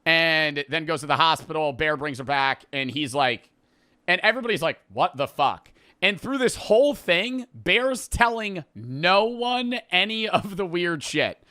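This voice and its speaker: Bright, crisp-voiced man rambling a story. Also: a little high, no room sound, studio quality. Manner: rambling, profane, animated retelling with quick asides. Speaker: vlogger retelling a movie plot. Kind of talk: casual storytelling.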